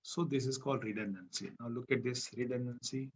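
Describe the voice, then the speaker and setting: A man's voice: mid-range voice, a little fast, slightly rough. A man with an Indian English accent teaching an English grammar class, asking the class questions and repeating his points. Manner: explains with repetition and questions to the class. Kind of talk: classroom lecture.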